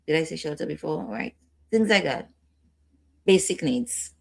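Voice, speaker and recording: Low-pitched woman instructor, lecturing, repeats stuff, keeps asking okay?. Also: darkish tone. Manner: instructive, repeats key points, checks in with "okay?". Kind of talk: training lecture.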